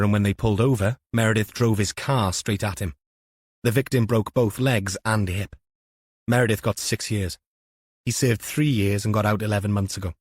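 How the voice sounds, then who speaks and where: A man narrating a police novel in a measured, even storytelling manner. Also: fairly low pitch, dry recording, clean studio sound. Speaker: audiobook narrator. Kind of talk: scripted narration.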